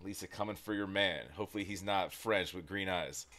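A man hosting a reaction video, talking in an excitable, rambling way with frequent restarts. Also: sits low, brisk. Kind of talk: casual reaction commentary.

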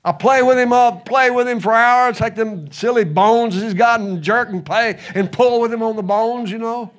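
A man preaching a folksy sermon, telling a homespun story with chuckles and easing into a soft, hushed close. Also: extremely high pitch, moderate pace. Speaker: pastor.

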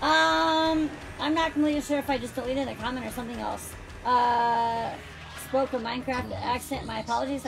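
A woman's voice: on the high side, steady tone, normal speed, gravelly. A woman streaming a racing game, chatting with friends and viewers in a bubbly, chatty way and laughing often. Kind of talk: live-stream chat while racing. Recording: music playing behind.

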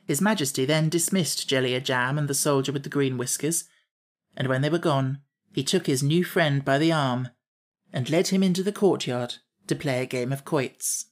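A man narrating a classic children's novel as an audiobook in a measured reading. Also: mid-range voice. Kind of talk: scripted storybook narration.

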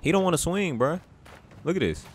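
A man giving loud, excitable commentary while playing a video game, trash-talking the characters on screen. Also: on the high side, fairly quick, slight background noise. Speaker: gameplay commentator. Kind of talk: casual let's-play commentary.

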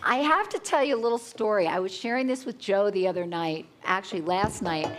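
A woman chef telling a lively story at a live cooking demonstration, acting out her own panicked reactions. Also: mid-range voice. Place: conference hall with a live audience.

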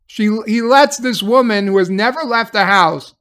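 A man's voice: high-pitched, moderate pace, few pauses, fairly bright tone. A man recapping a TV episode in a casual, sarcastic way, swearing freely as he paraphrases the scenes. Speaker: TV episode reviewer.

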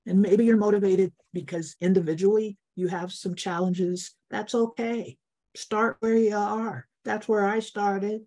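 Slow, earnest older woman speaker. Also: medium pitch, fairly even intonation, warm tone. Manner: slow, earnest, encouraging, with repeated phrases. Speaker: guest speaker. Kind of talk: heartfelt talk to an online meditation group. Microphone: video call.

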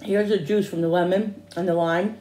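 A woman's voice: on the low side, fairly even intonation, normal speed, dark tone, a little hiss or hum. A woman chatting casually in a home cooking vlog, rambling with restarts and tasting hums. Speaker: cooking vlogger. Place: home kitchen. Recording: echoey kitchen with dish clatter.

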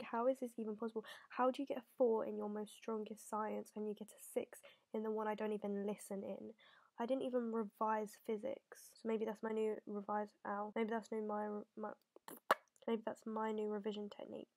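High-voiced teenage girl vlogging. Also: a little mellow, slight background noise, poor audio. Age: teens. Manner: chatty, rambling, self-deprecating. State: tearful, voice breaking. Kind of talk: tearful confessional vlog.

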